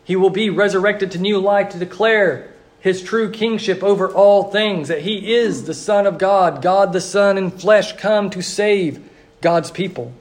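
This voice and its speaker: A man pastor preaching a sermon in an earnest, repetitive liturgical cadence, slowing down on emphatic phrases. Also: sits high.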